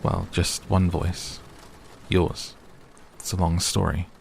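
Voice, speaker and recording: A man gives voice to an earnest teenage girl who gropes for words as she talks. The voice sits low and gravelly, and the delivery stays hesitant, as if she is working it out aloud. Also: flat delivery, slow pace, slight background noise, heavily acted.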